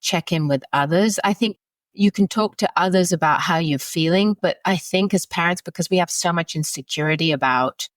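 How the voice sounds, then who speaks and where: Candid lower-voiced woman psychologist. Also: normal speed, no echo. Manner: candid, anecdotal, laughs often. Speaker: guest psychologist. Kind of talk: conversational podcast interview.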